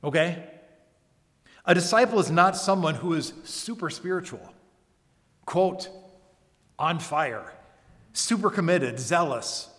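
At a church service, an earnest pastor preaches a sermon in a reverberant hall, emphatic and full of rhetorical questions. His voice is fairly high, a bit bright, and animated, and he speaks slowly with frequent pauses.

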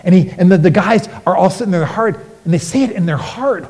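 A man preaching a sermon as pastor, animated and rhetorical, with sudden emphatic rises. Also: high voice, fast, in a large hall.

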